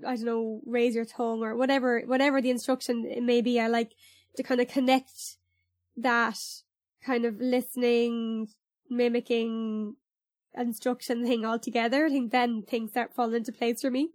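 Woman singer, fairly high voice, dry close sound, chatty with fillers. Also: level tone, moderate pace, darkish tone, dry recording. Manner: chatty, with filler-laden restarts. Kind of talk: casual podcast chat.

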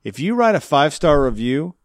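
A man's voice: a little high, big pitch swings, brisk, dry recording, studio quality. A man hosting a casual podcast chat, joking around and laughing often. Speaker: podcast host.

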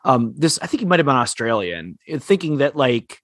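A man co-hosting a podcast in casual chat, rambling and enthusiastic, with quick asides. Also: medium pitch, sing-song, no room sound, clean studio sound. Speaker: podcast co-host.

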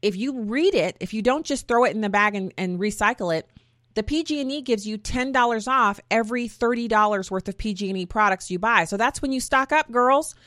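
A woman's voice: fairly high pitch, fairly quick, fairly bright tone, dry recording, studio quality. A woman hosting her own talk show, chatty and folksy, often wandering off on tangents. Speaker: podcast host. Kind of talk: casual opinion talk.

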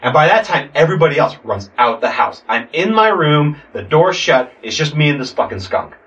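A young man casually telling a story, animated, acting out voices and swearing a lot. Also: a little high, a little fast, dull audio. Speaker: podcast guest telling a story. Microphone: sitting far from the mic. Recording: distant mic in a room.

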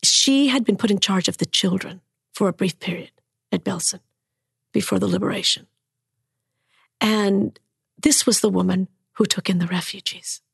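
A woman's voice: medium pitch, moderate pace, gravelly, long pauses, slightly rough, dry recording, studio quality. A woman in her sixties from Cuba, a storyteller and author whose first language is Spanish, telling a personal story on a podcast and slipping into the voices of the people she quotes.

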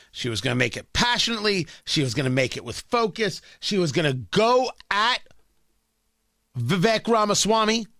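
Animated, opinionated male radio host. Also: sits high, no echo, studio quality. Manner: emphatic, opinionated, repeats phrases for effect. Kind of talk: political talk radio commentary.

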